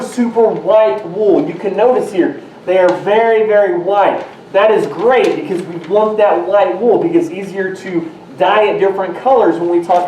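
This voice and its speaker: A man's voice: sits high, dark tone, lightly acted. A man playing a folksy, rambling presenter explaining a sheep breed. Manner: folksy, rambling, shuffling notes. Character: folksy male presenter back from travels. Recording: roomy, distant mic, faint noise.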